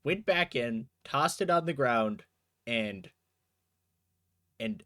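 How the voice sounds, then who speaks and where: Man as game master, unhurried, casual and swearing, with a lively pitch. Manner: casual, laughing, swears freely. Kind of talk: narrating a tabletop game.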